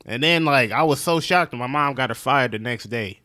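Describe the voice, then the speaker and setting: A man's voice: medium pitch, moderate pace, sharp tone. A man on a podcast, chatting casually with blunt, emphatic reactions. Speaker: podcast co-host. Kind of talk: casual chat.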